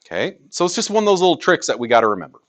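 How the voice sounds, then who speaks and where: A man's voice: a little high, very animated, rapid-fire, background noise. A male math teacher teaching a class in a classroom, joking with students and asking rhetorical questions.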